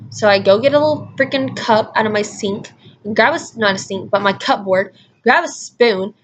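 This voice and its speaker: A woman's voice: mid-range voice, normal speed, slight background noise. A young adult woman telling a story in a casual vlog, rambling with constant "like" fillers. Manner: rambling, heavy use of "like" fillers. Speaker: vlogger.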